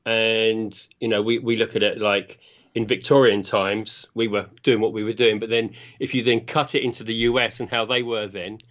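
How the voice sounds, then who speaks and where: A man's voice: fairly low pitch, little pitch movement, moderate pace, a bit bright, lo-fi sound. A man with a southern English accent from around Reading, a podcast guest who rambles in an easygoing way with many fillers. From England. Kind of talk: casual podcast conversation.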